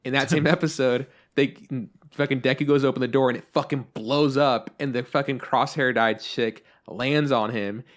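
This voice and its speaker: A man's voice: medium pitch, steady tone, moderate pace, hardly any pauses. Rambling casual male podcast co-host. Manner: rambling, lots of "like" and swearing. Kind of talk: casual anime podcast chat.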